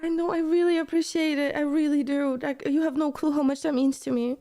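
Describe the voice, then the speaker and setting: High, mellow-voiced gushing woman streamer. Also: level tone, fairly quick. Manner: effusive, repeating thanks over and over; gushing and emotional. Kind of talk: reaction stream chat.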